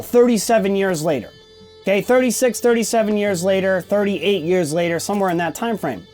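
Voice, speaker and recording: A man's voice: high-pitched, darkish tone. A man in his forties hosting a podcast, telling a candid personal story in a blunt, emphatic way, often checking in with "okay?" and swearing casually. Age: 40s. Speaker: podcast host.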